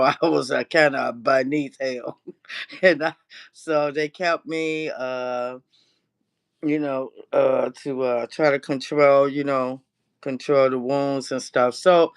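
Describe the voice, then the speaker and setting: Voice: medium pitch, fairly bright tone. A cooking vlogger chatting casually on a livestream, ranting and cursing freely and laughing often.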